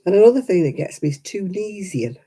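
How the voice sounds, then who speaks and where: Chatty woman, mellow voice. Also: on the low side, sing-song, a little fast, slightly rough, poor audio. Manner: chatty, laughs often, mimics other accents. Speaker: vlogger. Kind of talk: casual chat to camera. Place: quiet room at home.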